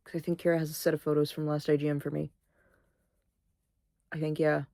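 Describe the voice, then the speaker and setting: A woman's voice: low-pitched, level tone, brisk, gravelly, dark tone, no room sound, clean studio sound. A sleepy, sniffly young woman vlogging in casual, rambling chat, swearing freely. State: sleepy, yawning; sniffly, congested.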